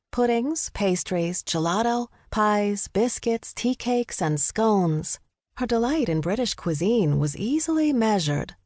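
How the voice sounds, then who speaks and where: A woman narrating a cozy mystery audiobook in a measured, descriptive way. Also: medium pitch, darkish tone, dry recording. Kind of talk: scripted narration. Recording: dry studio close mic.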